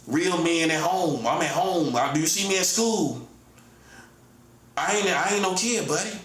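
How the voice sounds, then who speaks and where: A man's voice: a little high, moderate pace, a bit bright. A man in his forties giving a confrontational monologue, repeating himself and calling the listener "buddy". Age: 40s. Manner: repetitive, combative, keeps calling the listener "buddy". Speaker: self-styled prophet giving a monologue. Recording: roomy echo, faint background ambience.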